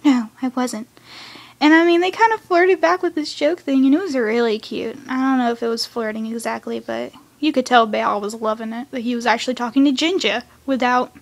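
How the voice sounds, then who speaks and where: A teenage girl with a high, bright voice rattles through a cartoon episode she just watched, chatty and excitable. She recaps at speed, then slips into hushed whispered asides. She is recording at home, alone in her room. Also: brisk, hardly any pauses. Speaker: fan reviewing a cartoon episode.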